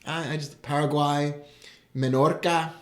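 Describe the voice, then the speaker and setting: An enthusiastic man hosting a live stream. His voice sits a little high for a man, and he chats with excitement, greeting viewers as they join. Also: measured pace. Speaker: host. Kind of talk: live broadcast chat.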